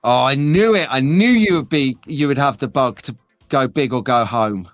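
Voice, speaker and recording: A man's voice: mid-range voice, expressive, normal speed, no echo, soft background music. A man hosting a live stream, chatting in a rambling, jokey way while reading out viewer comments. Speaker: host.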